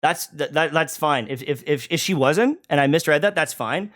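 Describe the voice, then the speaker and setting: A man's voice: on the high side, animated, moderate pace, fairly bright tone. A man hosting a stream, arguing over a call in an agitated, confrontational way, stumbling into restarts. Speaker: streamer and host. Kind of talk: heated online argument.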